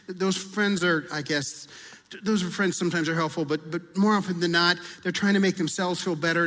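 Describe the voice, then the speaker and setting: A male pastor with a high voice delivers a sermon in a conversational, down-to-earth way. He slips into acted-out prayers and confessions as he talks. The sound carries a long reverb, as in a large hall. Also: a bit bright.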